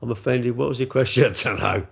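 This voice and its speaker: Gravelly man in his sixties. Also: mid-range voice, fast talker. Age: 60s. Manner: chatty, jokey, answering viewers' comments. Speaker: livestream host reading chat. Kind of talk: casual live-stream chat.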